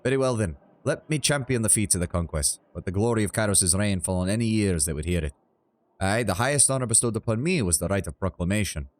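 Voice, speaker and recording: A man voicing a booming, boastful war herald. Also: animated, fast, natural voice. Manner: hearty, declamatory, old-fashioned "aye" speech. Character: hearty boastful male war herald, gruff and proud.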